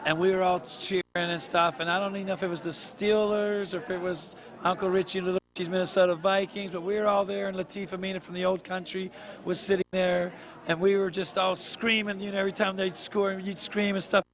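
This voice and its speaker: A man with a notably high voice tells a lively family story and laughs along with it. A busy crowd chatters clearly around him. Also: a little fast. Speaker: family member telling stories. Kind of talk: casual storytelling.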